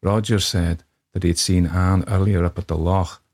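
A man doing a husky, deep Scottish storyteller. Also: fairly even intonation, darkish tone. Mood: sombre. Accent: put-on Scottish. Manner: measured, grave storytelling. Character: brooding Scottish man telling his tale. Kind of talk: dramatic reading of a ghost story.

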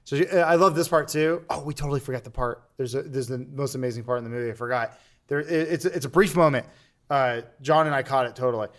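A man's voice: mid-range voice, fast. A man co-hosting a movie podcast, recapping the plot in casual, crude banter and laughing as he mocks scenes. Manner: crude, animated, laughs while mocking. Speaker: podcast co-host.

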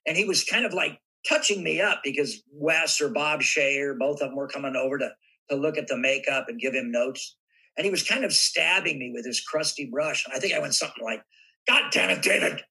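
A man telling animated stories in a casual interview, acting out bits of dialogue as he goes. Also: on the high side, fairly quick, breathy edge, low-quality recording. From United States. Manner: animated raconteur, acts out voices in anecdotes. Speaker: guest actor. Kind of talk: casual interview chat, storytelling.

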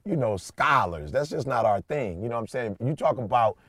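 A middle-aged man co-hosting a podcast, chatting casually and telling an animated, slangy story with lots of emphasis. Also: medium pitch, a little fast, no room sound, clean studio sound. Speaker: podcast co-host. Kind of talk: casual chat.

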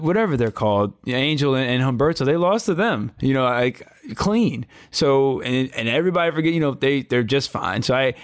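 A man co-hosting a wrestling podcast in casual chat, rambling and animated with frequent restarts. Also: medium pitch, no echo, studio quality.

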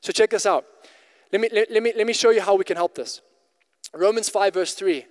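High-voiced male pastor, casual and emphatic sermon with lots of stuttered restarts, long hall reverb. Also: brisk. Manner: repetitive restarts, conversational and emphatic.

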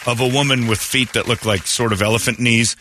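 A man's voice: mid-range voice, fairly even intonation, fairly quick, sharp tone, a little hiss or hum. A man hosting a morning radio show, rambling through announcements and teasing his co-host. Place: radio studio.

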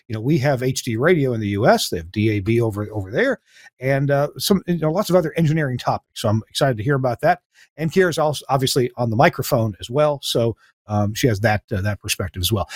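A man hosting a talk show, speaking haltingly with frequent fillers and restarts and laughing often. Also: mid-range voice, darkish tone, no echo, clean studio sound. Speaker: host.

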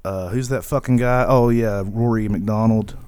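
A man's voice: fairly low pitch, fairly even intonation, normal speed, a little mellow, smooth, no room sound. Man, casual chat, laid-back, profane. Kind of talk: casual crude banter.

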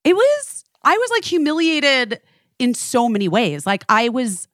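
A young adult woman telling a story in casual chat, profane and animated, acting out the lines of the people in it. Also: sits high, measured pace, no echo, studio quality. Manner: profane, animated, acts out quoted dialogue. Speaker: storyteller on a talk show.

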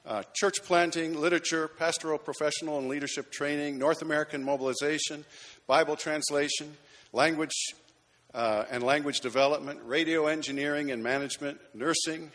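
A man's voice: a little high, steady tone, a little fast, a bit bright. A man, a pastor, making chatty, lightly joking announcements and honoring people in a church sanctuary. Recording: long reverb of a church hall.

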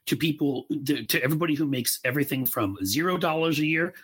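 Husky-voiced man arguing politics. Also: on the high side, fast talker, fairly bright tone. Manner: opinionated, emphatic, swears for punch. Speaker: podcast co-host. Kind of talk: casual political chat.

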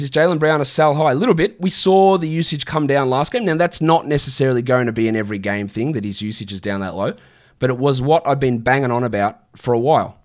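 Blunt, swearing fantasy basketball streamer. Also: male voice, medium pitch. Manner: blunt, swearing, exasperated rants. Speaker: fantasy basketball streamer answering viewer questions. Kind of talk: casual livestream Q&A.

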